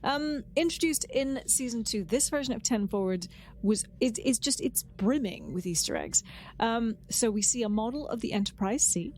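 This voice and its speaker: A woman's voice: on the high side, expressive, moderate pace, darkish tone, slight background noise. A woman co-hosting a casual podcast, chatting with enthusiasm and a lot of "um" restarts. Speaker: podcast co-host. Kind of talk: casual chat.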